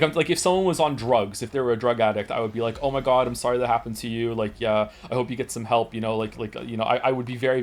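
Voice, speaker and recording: A man's voice: mid-range voice, a little hiss or hum. A man in his forties from Wales, streaming and chatting casually, telling stories in a rambling, profane way with many restarts. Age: 40s. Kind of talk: casual chat.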